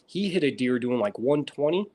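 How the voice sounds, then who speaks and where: An American man in casual chat, swearing constantly and telling stories with animated energy. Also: mid-range voice, moderate pace, background noise. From United States. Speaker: reptile breeder streamer.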